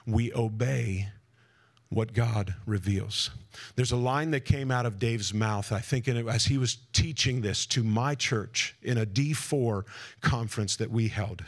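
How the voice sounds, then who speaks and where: Man, conference speaker, preaching talk, energetic, jokey asides, questions to the audience, mid-pitched voice. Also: moderate pace. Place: conference hall before a live audience.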